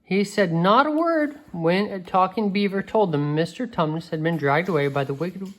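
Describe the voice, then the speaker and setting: A woman with a low voice reads a picture book aloud to a child. Her reading is gentle and expressive, and she stumbles and restarts now and then. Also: normal speed, rough recording. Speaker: reader.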